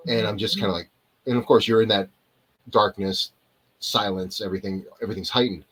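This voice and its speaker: A man with a low, husky voice tells behind-the-scenes stories as a guest on a video call. He wanders off on tangents and circles back to his point. The delivery is casual and chatty. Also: fairly even intonation, fairly quick, fairly bright tone, low-quality recording. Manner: rambling, digressive, loses and returns to his point. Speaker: actor, interview guest. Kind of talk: casual storytelling in a live interview.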